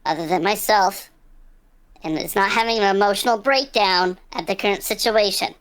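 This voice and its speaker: A woman playing a tabletop game in character, bossy and exasperated in quick banter. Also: medium pitch, fairly bright tone. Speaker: player. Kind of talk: casual tabletop play, in character.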